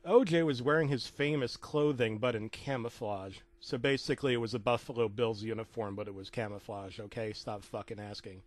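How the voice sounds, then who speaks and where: A man narrating a comedic creepypasta with rambling deadpan asides and stumbling restarts. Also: medium pitch, a little fast, few pauses, no echo.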